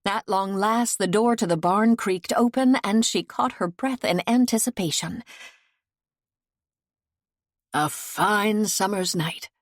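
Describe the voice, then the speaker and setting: A woman narrating an audiobook in a soft, steady reading voice on a close mic. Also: medium pitch, moderate pace, dry recording. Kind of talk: scripted narration.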